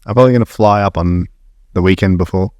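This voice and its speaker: An Australian man with a fairly low voice, talking casually on a podcast. He laughs a lot and swears freely while telling stories. The sound is dry and close. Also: quick pace, no room sound. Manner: laughing, swearing, animated storytelling. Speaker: podcast co-host. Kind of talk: casual chat.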